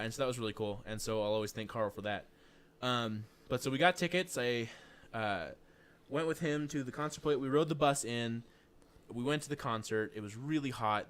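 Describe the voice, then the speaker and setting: A man co-hosting a podcast, casually telling stories and acting out what people said. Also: mid-range voice. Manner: laid-back storytelling, acts out quotes in a raised voice. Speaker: podcast co-host. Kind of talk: casual chat.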